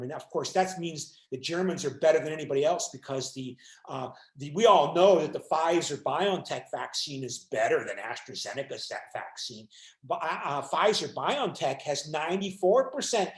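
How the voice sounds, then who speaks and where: Animated high-voiced male lecturer, roomy echo. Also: normal speed. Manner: animated, acts out quoted voices, many restarts and fillers. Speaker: university lecturer. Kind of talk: university lecture.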